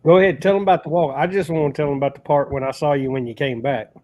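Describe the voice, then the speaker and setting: A man's voice: a little high, steady tone, rapid-fire, a little mellow. A man teasing the host as a guest on a casual livestream, over a video call.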